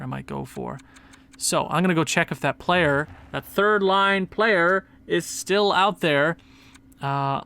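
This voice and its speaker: Excitable young man narrating his gameplay. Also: high-pitched, clear, resonant tone. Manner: excitable, talks to himself while playing. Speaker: gaming video host. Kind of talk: gameplay commentary.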